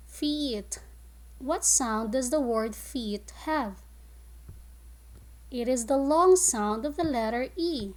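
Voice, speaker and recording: A woman teaching a phonics lesson to young children, modeling words clearly and slowly and giving praise. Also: a little high. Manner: slow, clear, drawn-out word modeling with praise. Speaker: kindergarten teacher.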